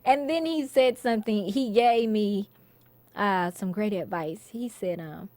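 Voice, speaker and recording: A woman, an actress, being interviewed and telling lively stories about her work, laughing often and acting out quotes. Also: mid-range voice, normal speed. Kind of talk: casual interview storytelling.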